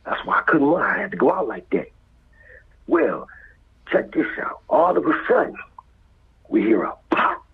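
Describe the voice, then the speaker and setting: A man with a Los Angeles accent telling a street story as a guest, acting out voices and sound effects and dropping to whispers, with a very husky voice. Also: medium pitch, very animated, moderate pace, pauses often. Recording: tinny phone-like line.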